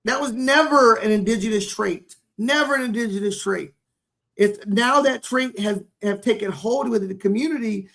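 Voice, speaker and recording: Man in his forties, podcast co-host, high and very gravelly voice, earnest and heartfelt. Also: moderate pace, fairly bright tone. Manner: earnest, repeats words when moved. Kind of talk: heartfelt casual conversation.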